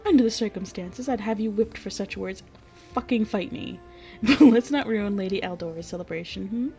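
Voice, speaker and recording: A woman's voice: mid-range voice, normal speed, creaky, dark tone, soft background music, lightly acted. A woman reading aloud the lines of an arrogant, scornful male noble baron in a role-playing game. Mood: haughty. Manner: scornful, condescending.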